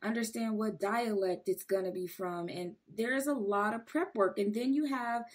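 A woman's voice: mid-range voice, normal speed. A woman podcast host asking rambling, chatty questions in a conversational interview.

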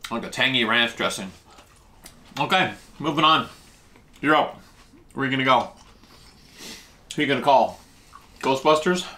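Bright-voiced man chatting through a tasting. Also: normal speed, long pauses. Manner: chatty, explains Japanese food terms while tasting; eats while talking, with lively jumps in pitch. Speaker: food vlog host. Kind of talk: casual food-tasting chat.

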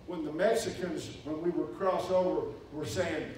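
Animated preacher in an echoey church. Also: male voice, on the high side, moderate pace. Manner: animated, acts out quoted voices loudly. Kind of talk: sermon storytelling to a congregation. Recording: echoey hall, distant mic, faint hiss.

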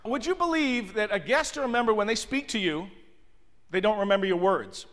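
A man's voice: high-pitched, animated, fairly quick, fairly bright tone, big-room sound. A man giving a motivational seminar on communication, telling stories expressively and addressing the audience directly. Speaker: hospitality communication trainer. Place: large function room with audience.

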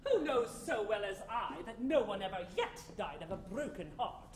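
A woman's voice: medium pitch, very animated, normal speed, a little mellow, natural voice. An actress playing a fierce, imperious spurned woman in a stage light opera, melodramatic and scornful. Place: theatre stage. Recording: roomy stage sound with faint noise.

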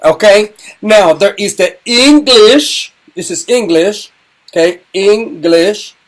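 Middle-aged male sign language teacher, slow and halting, slightly high voice. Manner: halting, repeats words, frequent ums. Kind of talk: online sign language lesson.

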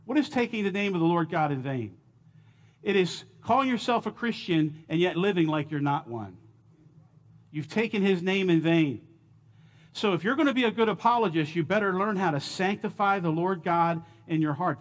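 A man with a high-pitched voice leads a church Bible class. He teaches in an earnest, emphatic way, stressing key words and turning often to the class with questions. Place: church auditorium.

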